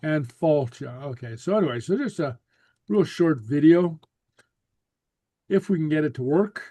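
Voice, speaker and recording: A man teaching a Gaelic class over a video call, relaxed and full of fillers and repeated okays. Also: a little high, normal speed, dry recording.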